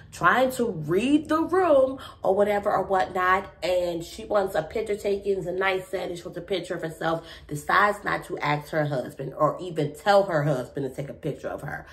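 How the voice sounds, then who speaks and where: A woman with a notably low voice talks through a reality TV episode in a loose, casual reaction style. She is chatty and expressive, with plenty of slang as she reacts. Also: moderate pace. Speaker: reality TV recap host.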